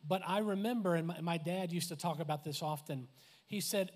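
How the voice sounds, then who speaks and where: A man with a high voice preaches in a lively, conversational way. He laughs, adds asides and acts out quoted voices as he speaks. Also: fairly quick. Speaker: pastor. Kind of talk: sermon.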